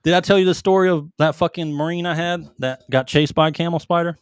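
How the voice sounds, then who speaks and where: Profane ex-Marine telling war stories. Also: male voice, on the high side, fairly even intonation, quick pace, smooth, no echo, clean studio sound. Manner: profane, rambling anecdotes. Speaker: podcast co-host, former Marine. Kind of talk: casual chat, storytelling.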